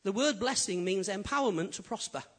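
A man preaches with a high, husky voice, swinging between loud emphatic lines and hushed, intimate ones. He tells stories from the pulpit with a humorous touch. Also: expressive, brisk. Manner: humorous storytelling. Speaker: pastor. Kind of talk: sermon.

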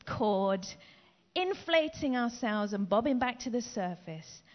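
A woman pastor giving a chatty, lively sermon full of everyday stories. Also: fairly high pitch, slow. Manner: lively, chatty storytelling with laughs. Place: church hall. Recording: dull, long echo in a hall.

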